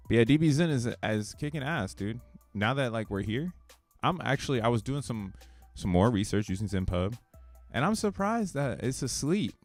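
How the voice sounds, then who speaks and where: A man giving casual, excitable live-stream commentary, thinking aloud and swearing freely in slangy talk. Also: fairly low pitch, no echo. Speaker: crypto streamer.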